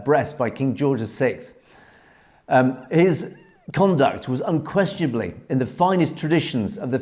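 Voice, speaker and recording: A man hosting a news commentary show, telling military history in an earnest, measured way with frequent hesitations. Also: mid-range voice, darkish tone.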